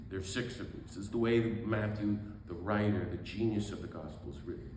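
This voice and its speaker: A man giving an animated talk as a priest, exuberant, with quick asides and laughter at himself. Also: fairly low pitch, far from the mic. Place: event hall. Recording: echoey room with faint background noise.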